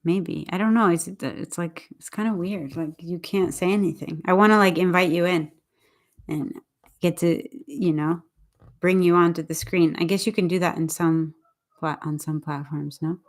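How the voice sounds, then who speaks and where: A woman English teacher chatting casually on a livestream, talking quickly and interrupting herself as she speaks to viewers. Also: fairly low pitch. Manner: fast, chatty, self-interrupting, talks to viewers.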